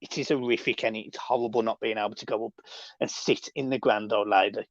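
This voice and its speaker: A man hosting a casual live stream, reading and answering chat with sweary, excitable banter. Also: lowish voice, fairly quick, dry recording. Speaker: livestream host reading chat. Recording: dull lo-fi dry sound.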